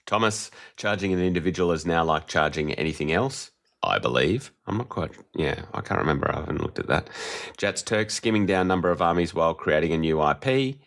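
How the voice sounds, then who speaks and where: A man's voice: low-pitched, lively intonation, brisk, creaky, a bit bright. A man co-hosting a podcast, casually chatting and reading through listener comments. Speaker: podcast co-host. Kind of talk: casual chat.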